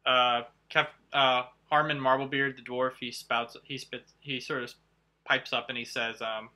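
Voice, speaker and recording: A man's voice: medium pitch, level tone, a little slow, bright, forceful tone. A man narrating as game master for a tabletop game played online, with a hesitant delivery and many fillers.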